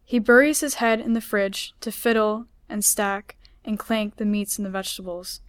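A woman author reading her own story aloud in a measured, unhurried way. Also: a little high, smooth, no room sound. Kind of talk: literary reading.

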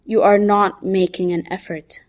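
A woman voicing a stern, steady-voiced mother. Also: medium pitch, close to an everyday voice. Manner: calm, steady, firm and measured. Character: stern, controlled middle-aged mother lecturing her son.

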